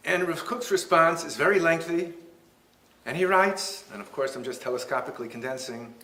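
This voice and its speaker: A man, a rabbi, giving a lecture and telling stories in an animated, humorous way. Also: fairly high pitch, moderate pace. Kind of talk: lecture with storytelling. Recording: roomy hall echo.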